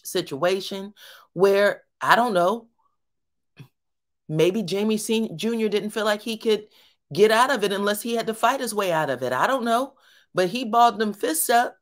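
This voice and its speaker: A woman giving a casual, colloquial recap of a reality show, talking straight to her viewers. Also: medium pitch. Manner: chatty, colloquial, addresses viewers as y'all. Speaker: reality TV commentator.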